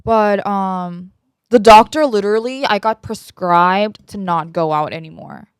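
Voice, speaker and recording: In this candid personal chat, a podcast host in her twenties gets emotional about her life, rambling and filling pauses with fillers. Her medium-pitched voice is clear and resonant at a measured pace, recorded cleanly in a studio without echo.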